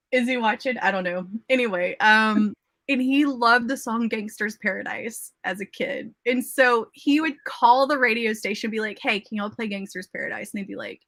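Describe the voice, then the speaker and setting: Bright, chatty woman livestream host. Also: fairly high pitch, unhurried, no room sound. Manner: chatty, nostalgic, laughs often. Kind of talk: casual chat on a writing livestream.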